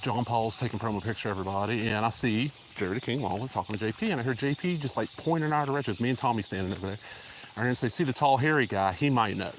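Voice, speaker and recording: Talking rapid-fire in a mid-range voice, a Southern vlogger walks a country road outdoors and rambles through a casual live-stream chat, a little out of breath and full of drawling asides. The audio is poor, with slight background noise from crickets and insects.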